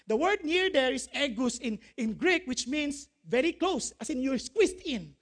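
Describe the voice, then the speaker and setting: A man, a pastor, preaching a sermon in an animated way, quoting scripture, asking the congregation questions and laughing at his own jokes. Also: extremely high pitch, moderate pace. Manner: quotes scripture, asks the audience questions.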